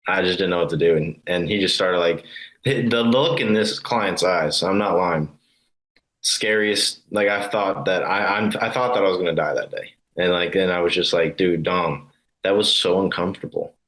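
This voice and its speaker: A man's voice: deep voice, moderate pace, fairly bright tone, poor audio. A man of about twenty, a new insurance agent, telling a story casually with many fillers and hesitations. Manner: hesitant, many fillers, laughs between phrases.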